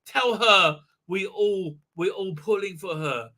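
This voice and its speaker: A male host recapping a TV episode on a live stream in heated, indignant casual talk, full of halting restarts. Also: high-pitched, sharp tone. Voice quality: frequent filler sounds and restarts, heated, indignant. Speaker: show host.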